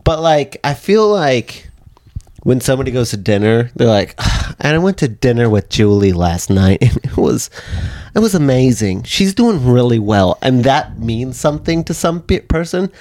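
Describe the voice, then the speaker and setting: A man's voice: mid-range voice, very animated, moderate pace, a little mellow. A young man co-hosting a casual comedy podcast, candid and rambling, laughing often as he talks. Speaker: podcast co-host.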